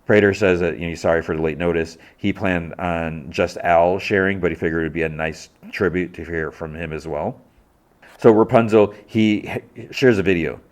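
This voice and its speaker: A man's voice: low voice, moderate pace. A man hosting a podcast, casually recapping a TV episode in a rambling way, with lots of "like" and restarts. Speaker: podcast host.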